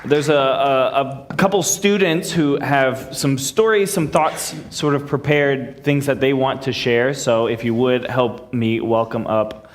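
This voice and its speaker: A man, a pastor, leading a church service and pausing often as he searches for words. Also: mid-range voice.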